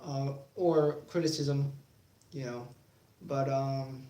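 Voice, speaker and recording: A young man hosting his own sports talk channel, talking casually with many fillers and pauses, growing defiant. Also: medium pitch, fairly even intonation, dark tone. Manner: halting, many fillers, then heated and defiant. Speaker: YouTube sports channel host. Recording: echoey room.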